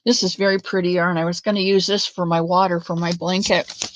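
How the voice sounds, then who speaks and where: A woman with a fairly low, flat-ish voice that shows little pitch movement talks a little fast, with a little hiss or hum present. She hosts a casual crochet livestream from her home craft room, chatting with viewers by name and drifting into side stories.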